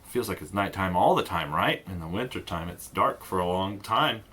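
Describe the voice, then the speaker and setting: A man's voice: low-pitched, expressive, normal speed, sharp tone, husky. A man teaching an online music lesson for kids, playful and demonstrative, with a lot of singing and voice play. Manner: playful, sings and demonstrates voice sounds.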